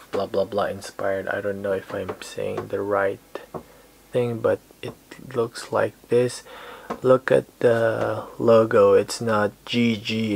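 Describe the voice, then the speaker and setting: Slow, gravelly Filipino-accented young man. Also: lowish voice, darkish tone, slight background noise, rough recording. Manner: playful, rambling, chuckling asides. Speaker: vlogger. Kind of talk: casual vlog chat.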